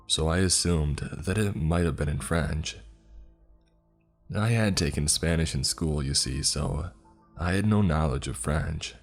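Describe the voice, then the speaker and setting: A man with an extremely deep, husky voice reads a first-person horror story aloud. He takes his time over each line, keeping an unhurried, measured pace while faint music plays underneath.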